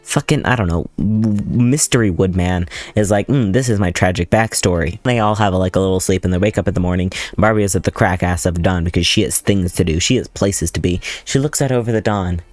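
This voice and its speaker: A man's voice: low voice, brisk, no room sound, faint music behind. A man recapping a movie in a casual, sarcastic, profane, rambling way. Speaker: movie commentator.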